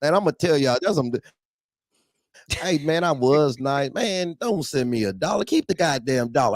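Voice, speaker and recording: Blunt slangy guy, fairly high voice that jumps all over, dry close sound. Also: moderate pace, no room sound. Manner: blunt, animated, laughing, street slang. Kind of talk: casual profane trucking talk.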